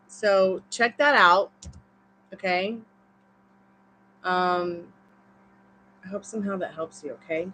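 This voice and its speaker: A woman's voice: fairly low pitch, slow, long pauses, bright, forceful tone, rough recording. Chatty Southern woman reading tarot. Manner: chatty, encouraging, rambling asides. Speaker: tarot reader. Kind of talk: live-stream tarot reading.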